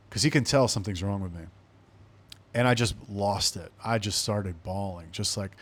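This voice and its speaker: A man with a somewhat low voice tells a story on his podcast in loose, conversational monologue. He speaks bluntly, swears freely and keeps a casual, offhand tone. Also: fairly quick. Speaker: podcast host.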